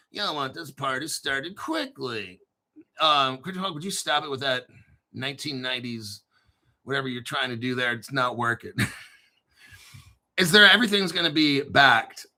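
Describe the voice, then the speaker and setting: Male crypto host, high and very bright, cusses freely, hyped joking delivery, keeps clearing his throat. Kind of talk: excitable commentary reading crypto news.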